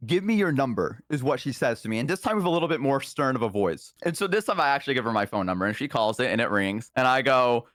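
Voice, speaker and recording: A man's voice: quick pace, few pauses, no room sound, clean studio sound. A young man telling a casual anecdote on a stream, acting out the voices in it with hesitant, rising lines. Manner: animated storytelling, acting out quoted lines with rising pitch and hesitations. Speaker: storyteller guest.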